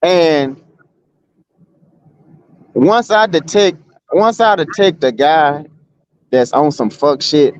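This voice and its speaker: Rambling, blunt man on muffled audio. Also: a little high. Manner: rambling, repeats himself, blunt street talk. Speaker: guest. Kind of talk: casual streamed argument.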